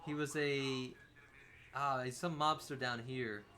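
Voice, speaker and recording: A man's voice: mid-range voice, takes it slowly. A young man co-hosting a game livestream, chatting loosely and swearing freely as he plays. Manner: loose, animated, swears freely, laughs often. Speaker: livestream co-host. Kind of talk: casual chat while playing a video game.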